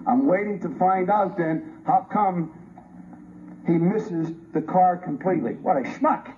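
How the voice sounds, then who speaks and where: A man's voice: high voice, moderate pace. A man, a forensic pathologist, giving a combative, sarcastic, emphatic debate speech to a colleague. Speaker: forensic pathologist on a review panel. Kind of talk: heated public debate speech. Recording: muffled lo-fi archive recording with faint hiss.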